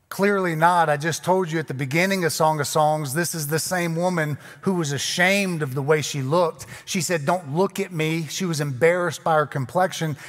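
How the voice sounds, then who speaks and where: Joking pastor in a big hall. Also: male voice, on the high side, a bit bright. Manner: conversational, joking, self-deprecating. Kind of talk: sermon. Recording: long hall reverb.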